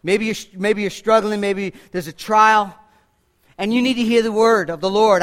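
A man's voice: high voice, moderate pace, fairly bright tone. A man preaching a sermon, repeating himself and restarting phrases, lifting his voice when he quotes scripture. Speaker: pastor.

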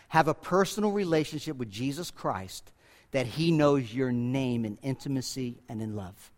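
A man preaching a sermon to his congregation, swinging from loud, emphatic peaks to quiet asides. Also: mid-range voice, lively intonation, normal speed. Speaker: pastor. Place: church.

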